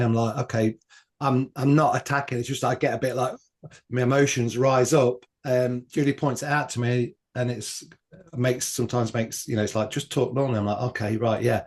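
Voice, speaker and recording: A man's voice: medium pitch, fairly even intonation, normal speed. A man talking as a guest on a casual podcast, reflecting on his own experience with frequent ums. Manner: reflective, shares personal experience with many ums.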